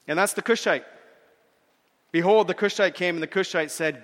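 Earnest preacher, slightly high voice. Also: male voice, fairly bright tone, long reverb tail. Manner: earnest preaching, repeats words, slows for scripture quotes. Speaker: pastor. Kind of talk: sermon.

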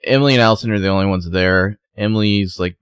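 This man recaps a TV episode as co-host of a casual podcast, retelling scenes and quoting characters in quick voices. His fairly low voice is smooth, and there's no room sound.

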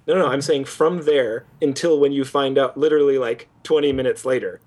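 Young male podcast co-host, animated game critic, mocks lines in silly voices. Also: medium pitch, a little fast. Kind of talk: casual game review chat.

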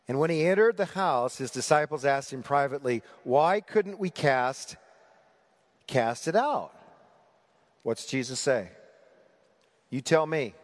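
Male pastor, higher-pitched, very lively delivery, sermon with long hall reverb. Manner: animated, rhetorical questions to the congregation.

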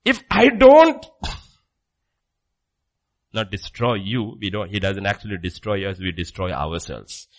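A man preaching a sermon, jumping from loud exclamations to hushed low asides, acting out questions and answers and checking in with "okay?". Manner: acts out dialogue with rapid questions and answers; repeats phrases, frequent "okay?" checks.

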